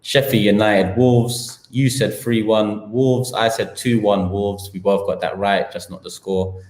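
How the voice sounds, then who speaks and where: A man's voice: on the low side, fairly even intonation, unhurried, darkish tone. A man with a London accent hosting a live football talk show, slangy and heated as he piles up his points. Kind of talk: live-stream football rant. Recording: echoey room.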